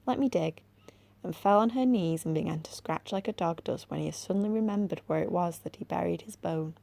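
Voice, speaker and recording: A woman with an English accent, a library assistant, reading a children's storybook aloud at a gentle, measured pace. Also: on the low side, creaky, dry recording.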